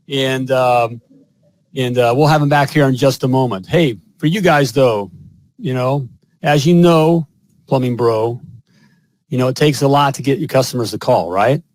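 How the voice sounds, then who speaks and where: Plumbing show host guy, pumped salesy pitch, keeps saying all right, dry close mic. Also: moderate pace, a little mellow, dry recording. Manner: upbeat salesy patter, repeats "all right?" often. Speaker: podcast host and plumbing business coach. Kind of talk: casual live-stream chat and ad read.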